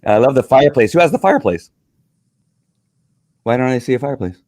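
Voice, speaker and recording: A man's voice: medium pitch, lively intonation, fairly quick, a little mellow, dry recording, studio quality. A man hosting a casual video call party, chatty and rambling, laughing often between his words. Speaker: host. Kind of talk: casual chat on a livestream party.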